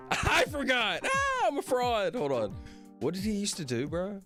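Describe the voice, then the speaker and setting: Brief: male streamer, animated pitch, chatty and apologetic, faint music underneath. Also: measured pace. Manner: rambling, laughs often, apologizes repeatedly. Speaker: livestreamer. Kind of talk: casual livestream chat. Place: at his computer streaming.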